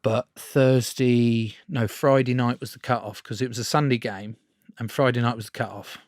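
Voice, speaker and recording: A man's voice: mid-range voice, steady tone, normal speed, darkish tone, no echo, clean studio sound. A man, a podcast guest, telling a long story in casual chat, swearing freely and laughing as he goes. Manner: sweary, laughing anecdote-teller.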